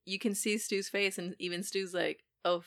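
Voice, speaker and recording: A woman's voice: mid-range voice, flat delivery, moderate pace, gravelly, a bit bright. A young woman co-hosting a podcast, chatting casually about a film, laughing and quoting lines. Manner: laughs often, quotes the film with cursing. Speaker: podcast co-host.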